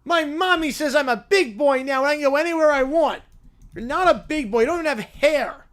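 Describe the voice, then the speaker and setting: A man's voice: very high-pitched, fairly quick, a bit bright, pitched above the performer's own voice. A man voicing a whining, sulky preschool boy who complains about everything. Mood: whiny. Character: whiny crying little preschool boy.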